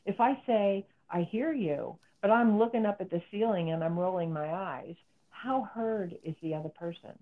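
A middle-aged woman therapist, guesting on an interview, explains matters in an earnest way and voices the people she quotes. Her pitch is medium, her pace moderate, and the audio sounds narrow like a phone call.

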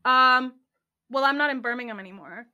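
A young woman co-hosting a podcast, talking in an animated, blunt way and swearing when annoyed. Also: sits high, normal speed, muffled recording. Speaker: podcast co-host. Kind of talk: casual chat.

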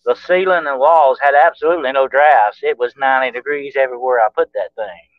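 A man's voice: medium pitch, brisk, dry recording, lo-fi sound. A man talking as a guest investigator on a chat show, explaining things earnestly with lots of fillers. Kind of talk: casual chat.

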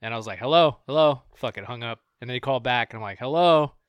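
A man's voice: medium pitch, fairly even intonation, racing, smooth, dry recording, dull audio. A man co-hosting a podcast, telling stories, laughing a lot and playing along with jokes. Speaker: podcast co-host. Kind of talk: casual profane podcast banter.

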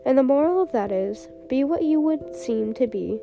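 A fawning duchess who keeps finding morals in things, as a woman narrator puts her on. She speaks in a fairly high voice over steady background music. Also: normal speed, creaky, highs cut off. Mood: moralizing. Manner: sententious, agreeable.

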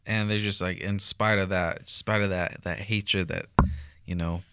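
A young man co-hosting a podcast, speaking haltingly and often starting his sentences over. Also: sits low, steady tone, bright, forceful tone, a little hiss or hum. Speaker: podcast co-host. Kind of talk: casual podcast chat.

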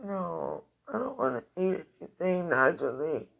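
A woman's voice: lowish voice, animated, normal speed, creaky, slightly rough, muffled recording. A woman talking into a phone held close, emotional and repetitive, with a prayerful tone, as if speaking live to a loved one.

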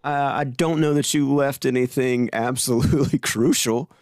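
A man's voice: mid-range voice, steady tone, moderate pace, darkish tone, no room sound. A man hosting a casual film podcast, playful and joking, playing a studio boss. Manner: playful, role-plays a studio mogul. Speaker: podcast host. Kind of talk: casual chat about films.

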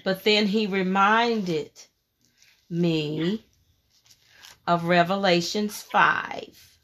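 A woman preaching a sermon, fervent and emphatic, repeating key phrases and reading scripture in a slow, measured cadence. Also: mid-range voice, fairly even intonation, a bit bright.

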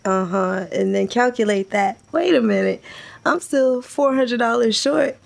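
A woman telling stories in casual chat, animated, laughing often and acting out what people said. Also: fairly high pitch, a little slow, vocal fry. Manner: animated storyteller, laughs a lot, acts out quotes.

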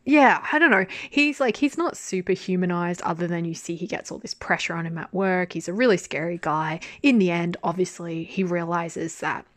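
A woman's voice: lowish voice, normal speed, hardly any pauses, no room sound. Chatty woman reviewing, dry close sound. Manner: chatty, laughing, swears freely. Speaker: drama reviewer. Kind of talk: casual spoken review.

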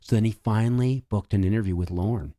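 A man hosting a podcast, chatting casually and jumping in with quick reactions and finishing his guest's sentences. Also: fairly low pitch, mellow. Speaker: podcast host. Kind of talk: casual interview chat.

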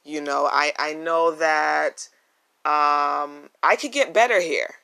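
A podcast host delivers a casual solo monologue in a slow, creaky, medium-pitched voice with a sharp tone. Earnest and emphatic, the host repeats key phrases, recorded on a phone without a microphone.

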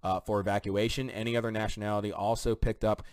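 Indignant man, low dry voice. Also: little pitch movement, fast, clean tone, dry recording. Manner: indignant, rambling asides. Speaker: political commentator. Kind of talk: casual commentary reading news aloud.

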